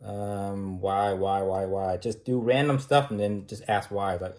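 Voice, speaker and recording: A man's voice: on the low side, steady tone, measured pace, darkish tone. A man teaching a debate class in an informal, talky way, firing off repeated rhetorical questions and using casual fillers.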